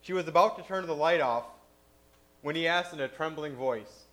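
A man's voice: on the high side, moderate pace, fairly bright tone. Man preaching a chatty sermon. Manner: conversational, many "you know" fillers.

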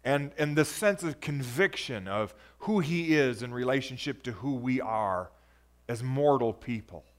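With a mid-range voice, lively intonation and a measured pace, a preacher delivers a sermon. He reads scripture emphatically, rising to loud exclamations, and calls on the audience to respond.

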